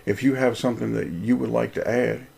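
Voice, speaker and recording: Gravelly husky male host, earnest preacher-style reading of his own story. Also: mid-range voice, fairly even intonation, a little fast, darkish tone. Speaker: Christian video host.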